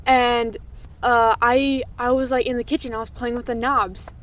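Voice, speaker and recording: A young woman with a high voice telling a childhood story on a casual podcast. She is playful and swears freely, and laughs often as she talks. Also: fairly even intonation, takes it slowly, fairly bright tone. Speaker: podcast co-host.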